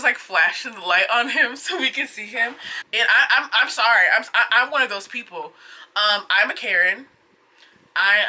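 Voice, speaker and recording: A young woman vlogger recounting a frustrating run-in in a casual, exasperated way, full of "like"s. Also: medium pitch. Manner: exasperated, animated retelling with many "like"s. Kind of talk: casual storytelling vlog.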